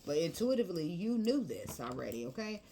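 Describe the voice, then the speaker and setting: A woman's voice: lowish voice, very animated, brisk, noisy background. A woman reading tarot cards in a chatty, emotional, colloquial way. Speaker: tarot reader.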